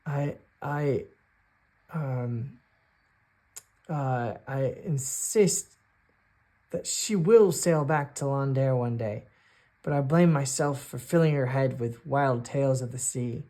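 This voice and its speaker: A man voicing an older male noble seafarer, a regretful father who speaks in a halting, reflective way. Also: medium pitch, warm tone.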